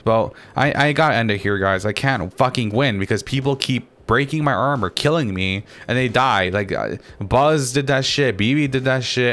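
Playing his own game, a young gaming channel host rants and complains nonstop, swearing about the other players throughout. The voice sits at medium pitch and sounds a bit bright; there's faint noise in the background.

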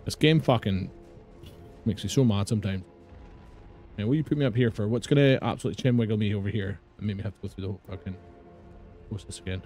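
A man's voice: lowish voice, fast, pauses often, a little mellow, faint music behind. A man with a British accent doing live gameplay commentary, swearing and ranting at the game in exasperation. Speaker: streamer.

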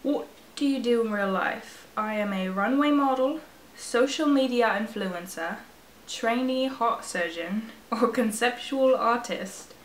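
A woman's voice: on the high side, measured pace, echoey room, slight background noise, natural voice. A woman putting on an attempted British accent to read a game's narration aloud, with an exaggerated, dramatic delivery. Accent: attempted British, put on badly. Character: female game narrator in a mock British accent. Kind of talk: reading game text aloud.

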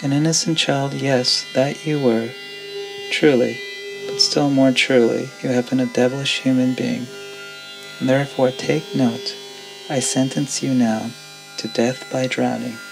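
A man's voice: medium pitch, level tone, normal speed, gravelly, close to an everyday voice, rough recording. A man voicing a scornful, domineering old father who mocks and accuses his son, with music underneath. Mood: condemning. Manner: mocking, harsh, accusing.

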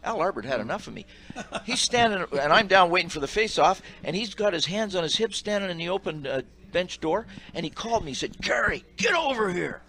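An older man, a retired hockey referee, telling animated stories on a sports radio panel. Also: high voice, quick pace, low-quality recording. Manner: animated anecdotes with acted quotes.

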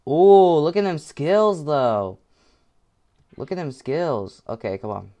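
A man talking through a game with headphones on, slow and drawn-out in his delivery. His pitch leaps around as he mutters to himself and then bursts into frustrated yelling. The voice sits a bit high and sounds clean and smooth. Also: very animated. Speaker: gaming video creator. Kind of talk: gameplay commentary.

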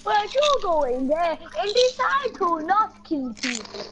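A woman chatting casually with friends while gaming, excitable and loud. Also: very high voice, unhurried, background noise. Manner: excitable, shouting and laughing at the game. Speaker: gamer playing with friends. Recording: gunfire from the game behind.

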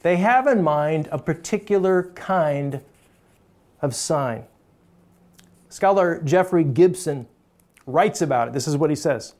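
A pastor gives a sermon in an easy, talking-to-you manner, pressing hard on key points. The voice sits at an ordinary middle pitch, and light chuckles slip into the flow. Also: lively intonation, takes it slowly, pauses often, darkish tone. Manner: conversational, emphatic, chuckles often.

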